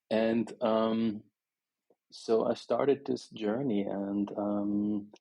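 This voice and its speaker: Gravelly Austrian-accented man, dark voice. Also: lowish voice, dry recording, low-quality recording. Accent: Austrian German. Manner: animated storyteller with many restarts and fillers. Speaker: composer guest. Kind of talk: conversational interview.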